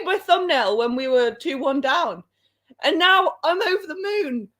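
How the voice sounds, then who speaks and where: A woman's voice: sits high, lively intonation, unhurried, fairly bright tone. A young woman hosting a football livestream, dramatic and laughing often. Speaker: livestream host. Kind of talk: excited livestream chat.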